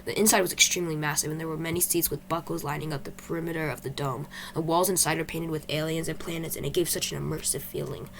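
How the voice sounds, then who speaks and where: A woman's voice: low voice, fairly even intonation, fast, vocal fry, few pauses, slight background noise. A woman reading her own story aloud in first person, plain and unpolished with some restarts. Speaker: author reading own book.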